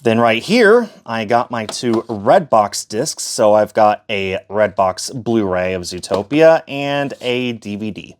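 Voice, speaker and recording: A man's voice: on the low side, expressive, slow pace, few pauses, slight background noise. A man giving a casual, chatty tour of his disc collection, with fillers and self-corrections as he goes. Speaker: collector showing his shelf.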